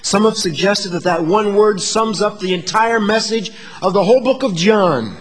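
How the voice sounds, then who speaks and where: A man preaching a sermon to his congregation, moving between hushed asides and emphatic, rising declarations. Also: sits high, lively intonation, normal speed, husky, big-room sound. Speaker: pastor.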